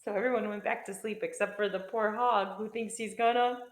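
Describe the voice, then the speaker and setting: A woman teacher reading a picture book aloud to children, playful and expressive. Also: mid-range voice, a little fast, echoey room. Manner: playful, expressive storytelling with sound effects.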